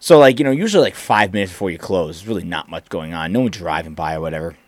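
A man's voice: sits low, lively intonation, fast talker, no room sound. A young man in casual chat, chatty and easily amused, telling his own work story. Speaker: store manager.

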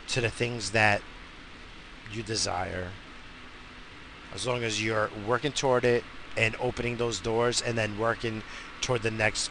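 A man rambles through a solo podcast monologue, crude, profane and quick to mock himself. His voice is bright and forceful, sitting in the middle range for a man. A faint hum of ambient noise runs behind him. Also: mid-range voice, rough recording. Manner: crude, profane and self-mocking. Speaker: podcast host.

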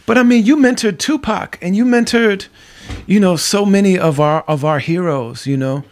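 A man's voice: high voice, moderate pace. A man hosting a podcast interview, telling stories in a casual way, full of "you know" and restarts. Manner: storytelling, many fillers like "you know". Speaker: podcast host.

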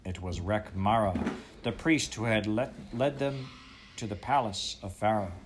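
A man narrating a children's story aloud in a measured storytelling manner. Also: lowish voice, noisy background. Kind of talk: audiobook reading.

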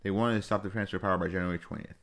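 A man's voice: low voice, steady tone, very fast, a bit bright. A young man co-hosting a casual podcast, reading news aloud with jokey asides. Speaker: podcast co-host.

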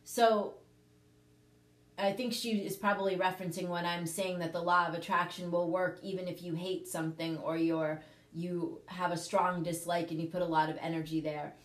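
A woman's voice: lowish voice, little pitch movement, moderate pace. Earnest woman coaching in a roomy space. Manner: earnest, coaching, repeats points with "okay?". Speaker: host, prosperity teacher. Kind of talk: casual livestream teaching chat.

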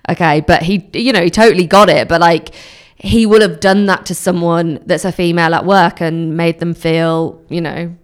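A woman with a low, smooth and resonant voice, chatting frankly on a podcast. She talks in quick, casual runs, full of asides and quoted remarks. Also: fairly even intonation. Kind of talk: casual chat.

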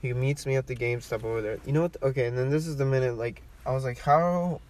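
A man's voice: medium pitch, steady tone, rapid-fire, warm tone. A young man casually telling a story to friends in a car, rambling and swearing, with lots of fillers. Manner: rambling, profane, many fillers. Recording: distant mic, faint background noise.

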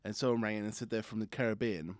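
A man's voice: on the low side, steady tone, fast, dry recording. A man hosting a casual podcast, putting questions to his co-host and laughing often as he tells stories. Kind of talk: casual chat. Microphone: studio microphone.

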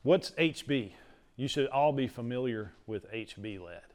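A man's voice: mid-range voice, expressive, a little slow, a little mellow. A middle-aged man, teaching a class in a casual, rambling lecture full of stories. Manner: chatty, storytelling, uses "like" a lot.

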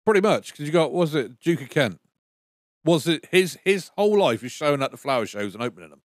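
Bloke, podcast co-host, sweary rambling rants, dry close studio sound. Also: male voice, on the high side, expressive, fairly quick, dry recording. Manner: sweary, ranting, loses his train of thought. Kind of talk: casual chat.

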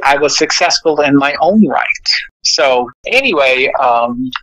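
A man in his fifties telling stories in a casual podcast chat, sassy and animated, with many restarts. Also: mid-range voice, moderate pace, music in the background, poor audio. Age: 50s. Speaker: podcast guest. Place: Florida.

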